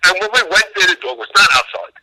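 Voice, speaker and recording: A man's voice: high-pitched, huge pitch swings, quick pace, bright, forceful tone, low-quality recording. A man being interviewed as an animal rescue worker, telling stories emphatically and acting out both sides of conversations. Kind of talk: interview, storytelling.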